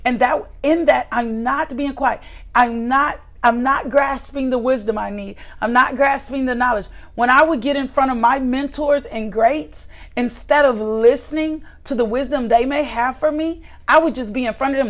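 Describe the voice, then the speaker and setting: Gravelly emphatic woman preacher. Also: sits high, normal speed. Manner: emphatic, repeats key phrases, asks "right?" often. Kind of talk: sermon.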